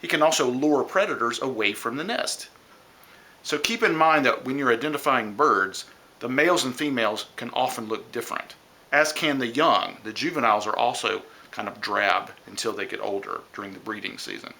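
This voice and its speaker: A man's voice: mid-range voice, fairly quick, pushed and bright. A man teaching children a science lesson, explaining step by step and imitating bird calls.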